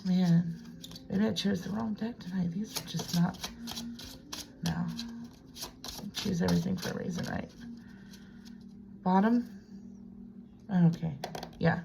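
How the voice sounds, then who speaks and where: A woman's voice: fairly low pitch, fairly even intonation, slow, vocal fry, long pauses, background noise. A woman doing a casual tarot reading at home, chatting to herself and dipping into whispers. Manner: chatty, self-talking, drifts into hushed whispers. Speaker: tarot reader. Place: home room with a piano desk.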